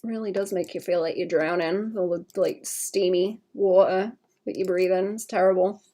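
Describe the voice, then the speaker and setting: A woman's voice: on the low side, fairly even intonation, moderate pace, mellow. A woman chatting casually to her stream while drawing, with a slight cough. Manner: chatty, rambling, talks to chat between drawing. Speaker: livestreaming illustrator.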